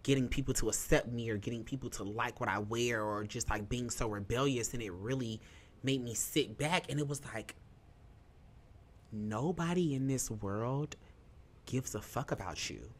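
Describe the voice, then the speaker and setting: A young adult podcast host with a bright voice, telling a personal story candidly. The talk is emphatic and profane and full of fillers. The host sounds emotional and is holding back tears. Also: mid-range voice.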